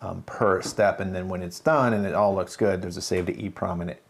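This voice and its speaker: Livestream host, man, low voice, relaxed step-by-step explainer, faint noise floor. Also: fairly quick, gravelly. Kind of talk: casual livestream tech talk.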